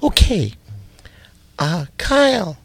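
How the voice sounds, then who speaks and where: A woman's voice: lowish voice, sing-song, slow pace, husky, dry recording, voice pushed down, exaggerated voice. A woman voicing a brash, blunt bachelorette on a mock dating show. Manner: blunt, crude. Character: brash bachelorette asking bawdy questions, woman.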